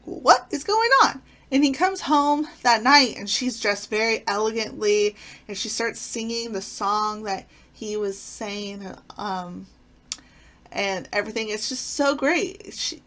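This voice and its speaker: A woman's voice: fairly high pitch, a little slow, fairly bright tone. A woman casually reviewing favorite sitcom episodes, retelling plots with enthusiasm and frequent fillers. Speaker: channel host.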